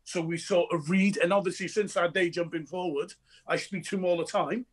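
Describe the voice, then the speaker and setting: A man, an actor telling animated stories about his work in a lively interview chat. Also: high voice, a little fast, husky. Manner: energetic, restless storyteller who acts out quoted dialogue.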